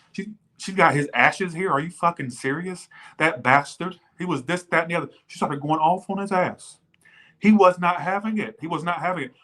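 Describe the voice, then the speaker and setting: A man hosting a livestream, telling a ghost story in a chatty, profane, animated way. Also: a little high. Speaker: tarot channel host.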